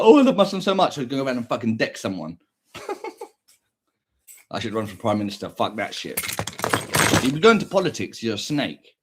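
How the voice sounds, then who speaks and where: A man's voice: medium pitch, a little hiss or hum. Man rambling and crooning on a livestream. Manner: sing-song humming and crooning between talk, swings into mocking rants. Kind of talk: rambling solo livestream chat.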